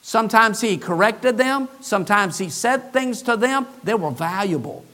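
A male pastor preaching, telling a story and acting out the dialogue in lively, shifting voices. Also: high voice, normal speed. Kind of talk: sermon storytelling. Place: church.

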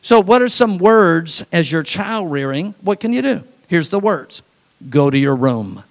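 High-voiced man preaching with folksy humor. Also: measured pace. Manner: animated storytelling, drops to quiet and soft for emphasis; folksy and humorous, laughs at his own stories. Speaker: pastor. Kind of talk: sermon.

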